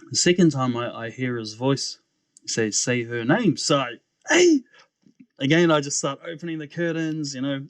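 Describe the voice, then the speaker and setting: A man's voice: mid-range voice, no echo. A man with a New Zealand accent, a podcast guest who tells his testimony animatedly and often calls the host "bro.". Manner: animated storyteller, often says "bro", acts out voices. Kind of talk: testimony storytelling.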